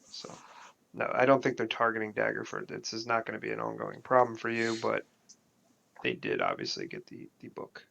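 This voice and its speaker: A man with a lowish, gravelly voice speaking in character during a tabletop game. He hesitates and restarts his sentences often. The sound comes through a dull, lo-fi mic. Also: expressive, moderate pace, fairly bright tone. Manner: hesitant, many fillers and restarts. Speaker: player.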